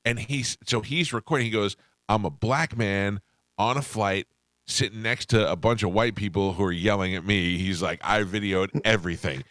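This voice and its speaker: A radio host telling a story in casual chat, acting out the people in it. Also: male voice, fairly low pitch, moderate pace, dry recording, clean studio sound. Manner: animated, acts out quoted voices.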